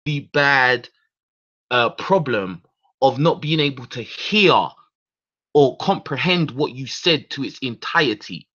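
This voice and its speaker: A man's voice: medium pitch, expressive, slow, bright, forceful tone. A man hosting his own radio show, ranting in a heated, profane monologue full of repeated words and restarts. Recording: dull lo-fi recording.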